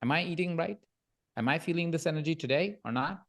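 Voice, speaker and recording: A man guesting on a podcast, telling animated stories about coaching and often checking in with a quick "right?". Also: a little high. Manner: animated storyteller, frequent "right?" tag questions. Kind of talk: podcast interview conversation.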